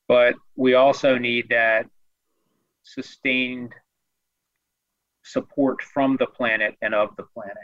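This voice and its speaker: A male guest with a bright, forceful voice explains his ideas in a thoughtful, measured way. The sound is dry but slightly dull. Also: medium pitch, dry recording. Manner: thoughtful, measured, lightly self-deprecating. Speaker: guest expert. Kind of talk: conversational explanation.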